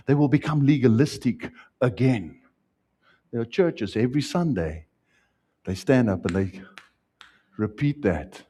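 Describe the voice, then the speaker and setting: A South African pastor delivers his sermon in a husky, mellow voice. He climbs loud and high on key points, then falls back to quiet, low asides. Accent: South African English. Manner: preaching with wide swings, rising loud then dropping soft.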